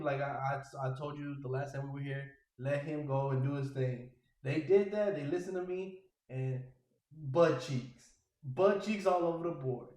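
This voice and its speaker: A man hosting a casual sports podcast, ranting in an exasperated, animated way. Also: on the high side, echoey room, rough recording. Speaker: podcast host.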